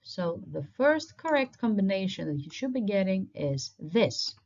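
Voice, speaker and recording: A woman's voice: mid-range voice, very animated, measured pace, a little mellow. A woman teaching a recorded online language lesson, explaining patiently step by step while pointing at slides. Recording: dull lo-fi recording.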